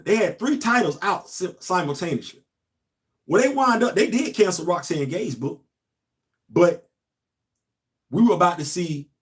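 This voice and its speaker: An emphatic male commentator, hammering points home through repetition. His voice sits a bit high for a man. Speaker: host. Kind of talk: casual commentary monologue.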